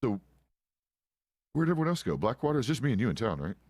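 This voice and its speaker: A man's voice: mid-range voice, sing-song, fast talker, a little mellow, dry recording. A middle-aged man, a roleplay streamer, chatting out of character in a laid-back, rambling, profane way. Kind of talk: casual out-of-character chat.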